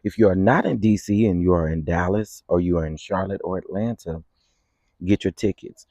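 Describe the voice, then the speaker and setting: A man's voice: low-pitched, normal speed, dark tone, no echo. A man hosting a casual morning livestream outdoors, greeting viewers by name in a playful, chatty, sing-song way. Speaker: livestream host.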